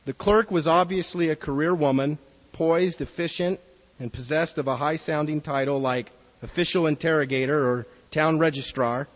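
A preacher with a fairly high voice gives an earnest sermon at a moderate pace and reads a story aloud to his congregation. The recording is dull and muffled, with long reverb trailing each phrase as in a big hall.

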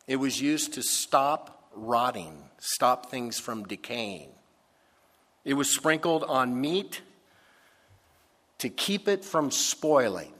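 A man preaching from the pulpit at an unhurried pace, leaning hard on words he wants to land. His middle-pitched voice rings out with the long reverb of a church sanctuary. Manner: slow, emphatic preaching with drawn-out key words. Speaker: pastor. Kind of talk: sermon.

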